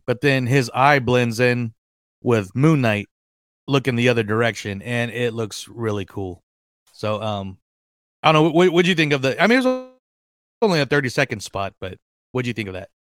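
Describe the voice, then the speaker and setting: A man hosting a fan podcast in casual chat, excitable and rambling, with lots of fillers and restarts. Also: medium pitch, normal speed, no room sound. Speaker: podcast host.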